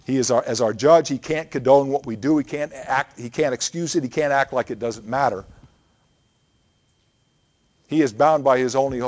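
A man's voice: mid-range voice, a little mellow. Earnest male preacher. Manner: earnest, emphatic preaching with repeated phrases. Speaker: pastor. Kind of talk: sermon.

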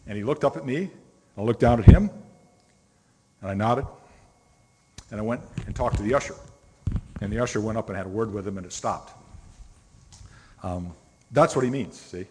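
A man's voice: fairly low pitch, normal speed, long pauses, darkish tone, a little hiss or hum. A middle-aged man preaching a sermon as a pastor, telling stories in a conversational way and stressing single words. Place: church sanctuary. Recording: long reverb of a church hall.

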